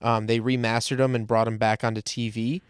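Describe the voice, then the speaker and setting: A man co-hosts a podcast, talking in a relaxed, explanatory way and filling gaps with "um" and "like". His voice is smooth and resonant, with a mid-range pitch. The sound is dry and close, with no room around it. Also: a little fast, no room sound. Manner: explains at length, with many fillers like "um" and "like". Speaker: podcast co-host. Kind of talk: casual chat.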